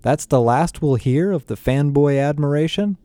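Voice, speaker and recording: A blunt, teasing young woman in a storybook reading, as a male narrator puts her on. The voice is mellow and recorded close and dry. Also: a little high, moderate pace, dry recording, lightly acted.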